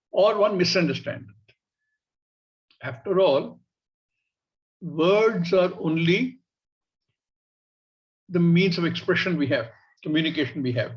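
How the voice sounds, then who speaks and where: A man with an Indian English accent, teaching a scripture class in a measured way and acting out everyday examples. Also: fairly high pitch, dull audio. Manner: measured, illustrative, acts out examples. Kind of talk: spiritual class lecture.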